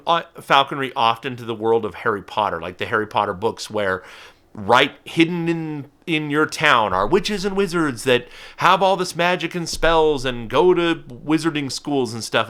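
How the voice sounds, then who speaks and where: Animated man talking falconry. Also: medium pitch. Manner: animated, with frequent restarts and playful put-on voices. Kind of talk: educational talk to camera.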